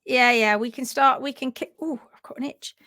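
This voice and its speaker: High-voiced chatty woman hosting a livestream. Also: fairly even intonation, fairly quick, pushed and bright, no echo. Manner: chatty, upbeat, reads out viewer comments. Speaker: host and hoof care teacher. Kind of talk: casual livestream chat.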